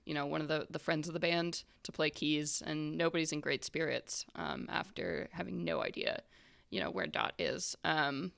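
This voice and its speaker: A woman narrates a tabletop game as its game master. Her low voice is bright, with plenty of vocal fry, and she rambles loosely from one filler to the next.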